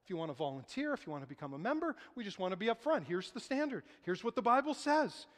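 A man's voice: high voice, sing-song, fast. A man preaching a sermon as pastor, talking conversationally with rhetorical questions. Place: church sanctuary. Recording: long hall reverb.

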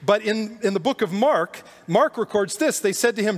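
A man, a pastor, delivering an earnest, animated sermon in a church. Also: sits high, moderate pace. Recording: long hall reverb.

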